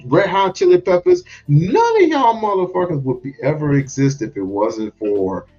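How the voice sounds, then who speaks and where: A man's voice: a little high, moderate pace. A man commenting on a comedy clip in an emphatic, profane way. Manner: emphatic, profane, lively questioning. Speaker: reaction channel host. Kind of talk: reaction commentary. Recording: dull lo-fi with music under.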